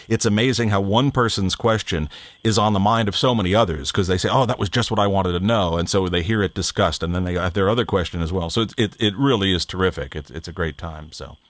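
A man's voice: fairly low pitch, no room sound. A man hosting a podcast, chatting casually and reading out announcements in a rambling, self-deprecating way. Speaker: podcast host.

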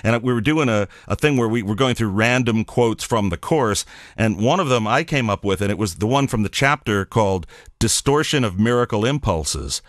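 A man's voice: fairly low pitch, lively intonation, moderate pace, no room sound, clean studio sound. A man hosting a podcast in casual conversation, joking and laughing as he tells stories. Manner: jokey, laughs while telling stories. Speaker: podcast host.

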